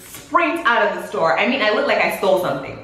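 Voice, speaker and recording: A woman's voice: mid-range voice, fast talker. A young woman vlogger telling a story in a casual chat, acting out what everyone said. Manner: animated, acts out quoted dialogue. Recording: echoey room with faint hiss.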